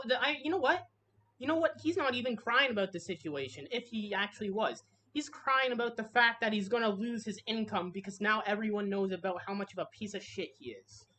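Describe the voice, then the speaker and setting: A woman's voice: medium pitch, fairly bright tone, slight background noise. A woman delivering a harsh, heated commentary rant, swearing freely and restarting her sentences. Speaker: commentary video creator. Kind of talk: ranting commentary.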